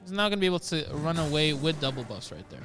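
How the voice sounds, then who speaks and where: A man casting a live esports match, excitable and breaking into loud shouts during big plays. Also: on the high side, fast talker, faint music behind. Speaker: esports caster.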